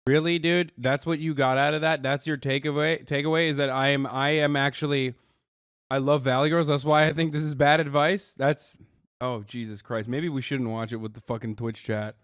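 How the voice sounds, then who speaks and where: A man's voice: mid-range voice, fairly even intonation, moderate pace, a bit bright, clean tone, no echo, clean studio sound. A man streaming live, reacting to a dating video with incredulous, sarcastic remarks and casual swearing.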